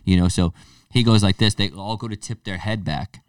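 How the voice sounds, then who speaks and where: Man, podcast co-host, low voice, casual chat, animated storytelling, dry sound, a bit off-mic. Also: moderate pace, smooth, no echo, recorded from a distance.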